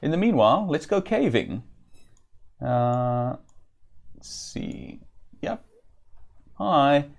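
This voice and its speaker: A man giving casual let's-play commentary while slightly ill, chatting and reading game text aloud with occasional throat clearing. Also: medium pitch, big pitch swings, slow, pauses often, a little mellow. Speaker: streamer.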